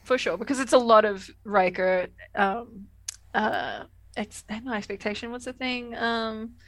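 A woman's voice: a little high, fairly even intonation, unhurried, no echo. A woman co-hosting a podcast, chatting casually and rambling with lots of fillers and laughs. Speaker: podcast co-host. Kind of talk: casual chat.

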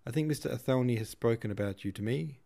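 A man's voice: mid-range voice, fast, gravelly, warm tone, lightly acted. A man reading a polite, deferential young job seeker. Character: poor, polite young man seeking work.

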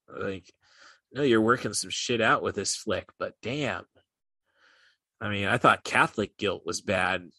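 A man's voice: lowish voice, pushed and bright, no echo. A young man co-hosting a podcast, rambling in casual chat with lots of "like" and "uh" fillers. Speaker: podcast co-host.

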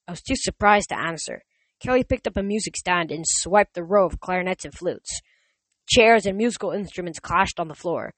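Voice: medium pitch, brisk, fairly bright tone, no room sound. A reader giving a casual amateur audiobook narration, reading plainly, with stumbles and self-corrections.

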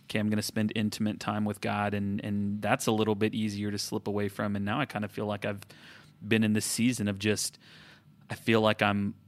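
Male co-host, 30s, low pitch, dry close sound, reflective faith chat with restarts. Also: monotone, brisk, dry recording. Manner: reflective, self-correcting, with frequent restarts. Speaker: podcast co-host. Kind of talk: casual faith conversation.

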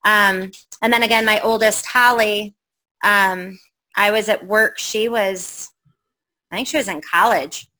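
A middle-aged woman, a guest, tells a spooky personal story in casual conversation, rambling with lots of fillers and acting out what people said. Her mid-range voice is unhurried, bright, and forceful with fairly even intonation, though the audio is poor.

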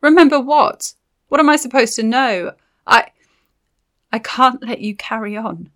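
A woman voicing a frightened but defiant young woman in an audiobook, her voice high and strained. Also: expressive, unhurried, fairly bright tone. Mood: desperate. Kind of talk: audiobook character voice.

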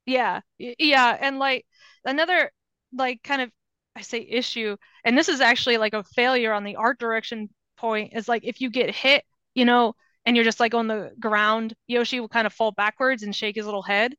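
High-voiced chatty woman guest. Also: steady tone, normal speed, bright, forceful tone, smooth, dry recording. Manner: laughs often, chatty with many fillers. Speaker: podcast guest. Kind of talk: casual gaming chat.

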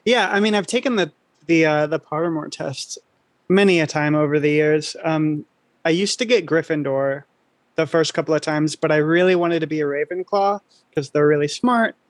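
A man with a slightly raised pitch speaks as a podcast guest. He is deadpan and measured, and his voice is close and dry. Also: no room sound. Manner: dry, deadpan one-liners. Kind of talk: casual chat.

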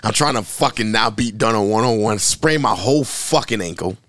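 A man's voice: fairly low pitch, normal speed, fairly bright tone, no room sound. A man co-hosting a casual sports talk show, joking loosely and swearing freely. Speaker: podcast co-host. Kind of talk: casual chat.

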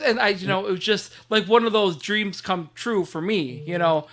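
A man chatting excitedly in a casual talk, rambling with many restarts and fillers. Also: sits high, moderate pace, few pauses. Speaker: podcast guest, toy collector. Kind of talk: casual chat.

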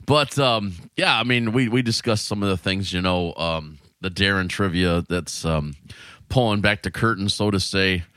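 A man co-hosting a podcast in a small studio, telling stories in a casual, animated way, laughing often and swearing freely. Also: sits low, moderate pace, clean tone, dry recording. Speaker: podcast co-host. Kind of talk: casual chat.

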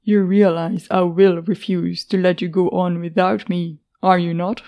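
A woman's voice: on the low side, flat delivery, a little slow, mellow. A woman voicing a kind, loyal young man who speaks formally without contractions. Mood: insistent.

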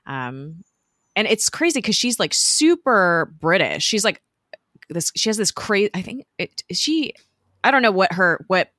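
A woman's voice: medium pitch, very animated, a bit bright, no echo, clean studio sound. A woman co-hosting a podcast, chatting casually and recapping a TV episode with many fillers and restarts. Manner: chatty, halting, lots of fillers. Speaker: podcast co-host.

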